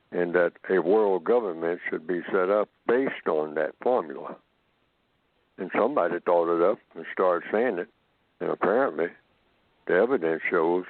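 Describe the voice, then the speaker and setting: A man with a very deep voice explains himself at a measured pace and circles back to repeat his points. He is heard over a tinny, phone-like line. The sound is dry and close, with no room around it. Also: no echo. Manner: slow, measured, repeats phrases for emphasis. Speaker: radio program guest answering callers. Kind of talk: call-in radio talk.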